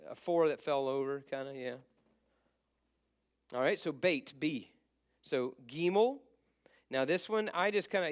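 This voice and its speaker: A man's voice: medium pitch, smooth. A man teaching a class in a casual, repetitive way, often trailing off while he writes on a board. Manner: casual, repeats letter names, writes on board while talking.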